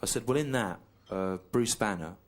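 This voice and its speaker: A male stand-up comedian telling a long story in a deadpan, slow, repetitive way, over audience laughter. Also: on the low side, slight background noise.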